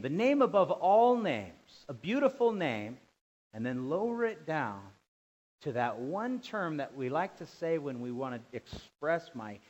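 A man preaching a sermon as pastor, animated, dropping to quiet asides and rising to loud emphatic bursts. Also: fairly high pitch. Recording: dull lo-fi sound.

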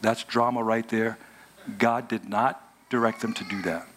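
A man preaching a lively, joking sermon in casual everyday speech and talking back and forth with a live audience. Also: lowish voice, moderate pace, a little hiss or hum. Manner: animated, joking, colloquial, talks with the audience. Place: hotel event room before a live audience.

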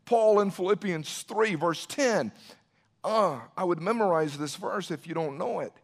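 A man preaching with fervent conviction in a high-pitched voice, hammering the same phrases again and again. His intensity climbs until he is nearly shouting. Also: a little slow, creaky. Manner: fervent, repetitive, builds to emphatic near-shouting. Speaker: pastor. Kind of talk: impassioned preaching talk.

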